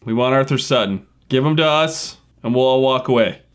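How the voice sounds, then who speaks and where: A man's voice: mid-range voice, a little fast, smooth. A man playing his character in a tabletop game, blustering and threatening with a joking edge. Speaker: player.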